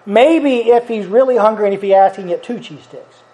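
A man's voice: high voice, brisk, warm tone. A middle-aged man preaching a sermon in a folksy, conversational way, chuckling as he talks. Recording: dull lo-fi recording.

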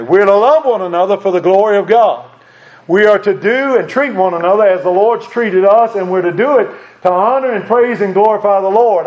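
High-voiced man preaching a sermon. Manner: earnest preaching with scripture quotes and asides. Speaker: pastor. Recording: dull lo-fi recording.

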